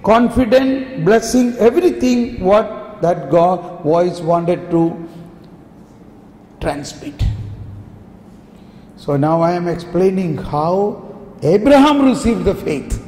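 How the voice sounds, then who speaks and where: A man preaching at a retreat, slow and emphatic, often asking his listeners yes or no. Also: high-pitched, a little mellow. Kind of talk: sermon. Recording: echoey hall, faint background noise.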